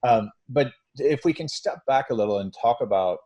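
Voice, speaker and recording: A man's voice: medium pitch, lively intonation, normal speed, lo-fi sound. A man hosting a podcast interview, talking earnestly and emphatically and restarting his phrases. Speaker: podcast host. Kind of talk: conversational interview.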